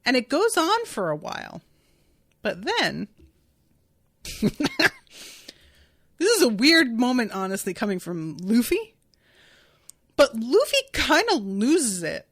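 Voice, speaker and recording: A woman's voice: a little high, big pitch swings, unhurried, fairly bright tone, no room sound, clean studio sound. A woman hosting a solo podcast recap, chatting candidly, laughing often and acting out quoted lines. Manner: chatty, candid, swears when quoting. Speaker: podcast host. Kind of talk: solo episode recap, reading listener chat.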